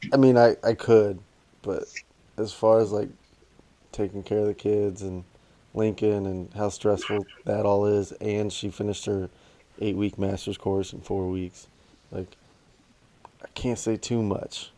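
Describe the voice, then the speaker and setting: Laid-back man with a mellow low voice. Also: flat delivery, measured pace, pauses often. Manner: laid-back, swears casually. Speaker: podcast co-host. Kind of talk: casual chat.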